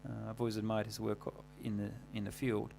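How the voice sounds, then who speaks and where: Gravelly man rambling on a livestream. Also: fairly low pitch, flat delivery, dark tone, a little hiss or hum. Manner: rambling, halting, many fillers and restarts. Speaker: livestream host. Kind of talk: casual livestream monologue.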